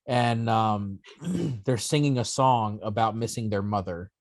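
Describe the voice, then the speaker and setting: Relaxed man with a dry close sound. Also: lowish voice, a little slow, dry recording. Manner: relaxed storyteller, fillers, dry jokes. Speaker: co-host. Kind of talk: casual podcast chat.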